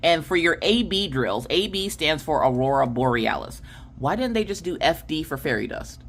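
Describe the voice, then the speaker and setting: A woman hosting a craft unboxing video, chatting casually and excitedly and correcting herself as she goes. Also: sits low, moderate pace.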